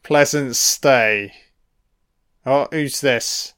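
A man's voice: medium pitch, extremely slow, fairly bright tone, clean tone. A man giving a casual, sweary and sarcastic commentary on a film.

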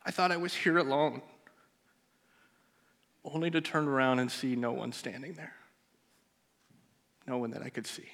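A pastor telling a personal story in a sermon, his voice dropping to a near hush at the emotional moments. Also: mid-range voice, steady tone, moderate pace, gravelly, long pauses. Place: church sanctuary.

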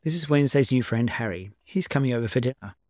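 A man voicing an elegant, gracious gothic mother who speaks gently and politely in a dry, close recording. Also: mid-range voice, animated, quick pace, no room sound, lightly acted.

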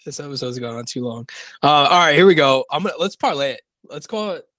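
A man's voice: on the high side, animated, fast, sharp tone, no room sound, rough recording. Rambling man chatting about sports bets. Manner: rambling, stumbles and corrects himself. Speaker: podcast co-host. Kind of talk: casual sports-betting chat.

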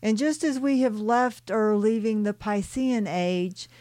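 A woman reading a channeled spiritual story aloud and adding her own reflective, soft-spoken commentary with light laughs. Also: medium pitch, measured pace, no echo, clean studio sound.

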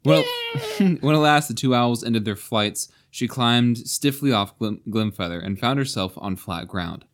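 Man, podcast co-host, mid-pitched, relaxed reading aloud. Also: a little slow. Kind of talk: casual chat and reading aloud.

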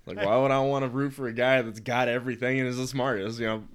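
A man's voice: medium pitch, steady tone, quick pace, smooth. A man co-hosting a casual podcast chat, reading background notes and adding dry, wry remarks. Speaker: podcast co-host.

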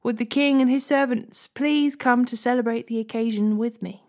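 A woman's voice: a little high, steady tone, moderate pace, a little mellow, natural voice. Woman reading as a scheming young prince. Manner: commanding. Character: scheming young prince ordering his men.

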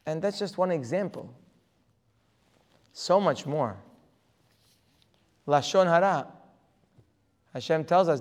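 A man's voice: on the high side, lively intonation, slow, long pauses, darkish tone. A man giving a religious lecture as a Torah teacher, emphatic and full of rhetorical questions. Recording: long reverb of a hall.

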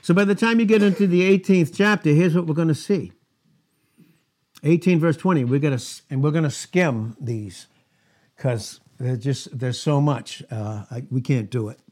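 A pastor works through an expository sermon verse by verse, reading scripture aloud in King James phrasing and breaking off for asides and rhetorical questions. His voice is slightly high and a little mellow, at a moderate pace.

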